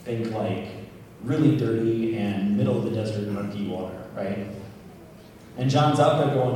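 A man giving a casual, joking sermon, full of asides and quick tag questions to the listeners. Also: lowish voice, warm tone, slight background noise. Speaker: preacher. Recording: echoey hall, distant mic.

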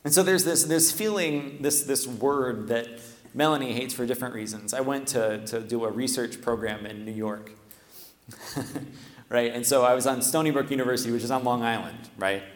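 A man's voice: medium pitch, moderate pace. A man preaching a sermon at a church microphone. He talks in a casual, conversational way and often checks in with the listeners by asking "right?". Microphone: stands at a microphone. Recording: echoey church hall, long reverb.

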